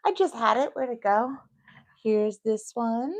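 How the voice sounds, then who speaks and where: A woman's voice: on the high side, measured pace. Chatty New York woman teaching nails. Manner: chatty, reassuring, thinks aloud while working. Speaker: nail technician. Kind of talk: casual tutorial talk.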